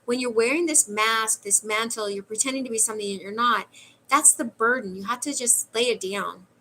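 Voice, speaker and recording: A blunt, kindly male archangel speaks plainly and gets straight to the point, as a woman relays his words in her own bright voice. His lines are matter-of-fact and carry no meanness. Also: fairly high pitch, a little fast, a little hiss or hum. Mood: direct.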